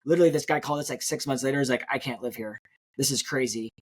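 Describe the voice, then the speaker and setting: Fast-talking man telling a story. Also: mid-range voice, slightly rough. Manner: fast, animated storytelling, acts out quotes. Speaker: real estate agent, guest. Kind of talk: storytelling in an interview.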